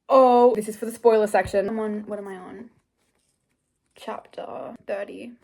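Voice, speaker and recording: A woman's voice: mid-range voice, fairly even intonation, unhurried, gravelly, a little mellow. A young woman vlogging casually about books, chatty and rambling with lots of fillers. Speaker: book vlogger. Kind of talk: casual vlog chat.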